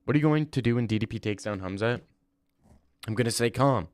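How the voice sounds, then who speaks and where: A young man hosts a casual livestream, talking through viewer comments in a loose, rambling, slangy way. His voice sits at an ordinary middle pitch. The sound is dry and close, with no room echo. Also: fairly quick, darkish tone. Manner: rambling, slangy, says "bro" often. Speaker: livestream host.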